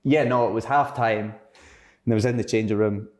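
A man's voice: lowish voice, steady tone, brisk, a little mellow. A young adult man with a Scottish accent, telling stories in a casual interview and rambling with fillers and restarts. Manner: rambling, lots of fillers and self-corrections. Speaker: interview guest, footballer. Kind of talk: casual storytelling chat.

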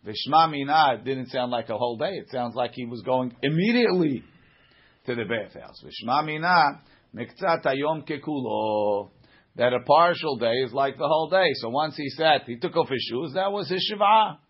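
A man's voice: mid-range voice, expressive, moderate pace, husky. A man teaching a Talmud class, reading lines aloud and explaining them in plain conversational English. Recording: dull lo-fi classroom recording.

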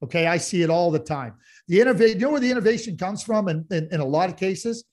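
Fast and lively in intonation, his voice sits high with a darkish tone. He's a podcast co-host in a casual sports chat, ranting passionately with frequent restarts and repeated words.

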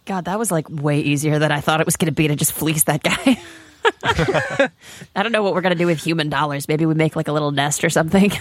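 A woman playing a tabletop game, voicing a cheeky goose with giggles and deadpan jokes. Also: sits low, fast, no room sound. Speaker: player.

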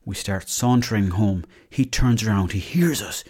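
A man's voice: on the low side, normal speed, darkish tone. An Irish man hosting a podcast, telling comic stories in a chatty way and swearing freely. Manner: chatty, swears freely, tall-tale humour. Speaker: podcast host. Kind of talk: casual comic storytelling.

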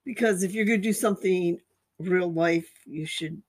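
A woman's voice: on the low side, normal speed, husky. A young woman co-hosting a podcast, bluntly cutting in with dismissive critiques of a film. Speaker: podcast co-host. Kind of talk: casual chat.

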